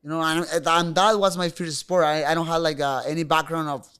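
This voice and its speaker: Mexican man, smooth voice, halting English. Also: a little high, fairly even intonation, a bit bright. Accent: Mexican Spanish. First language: Spanish. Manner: halting, many restarts and fillers. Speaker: guest fighter. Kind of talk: casual interview talk.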